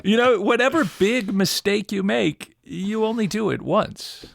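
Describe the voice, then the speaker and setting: A middle-aged man with a gravelly, creaky edge tells a story with animated energy and easy laughs. He is recorded close on a dry mic with no room sound. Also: high voice, unhurried, no room sound. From Detroit area, USA. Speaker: guest audio producer. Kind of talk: casual storytelling interview.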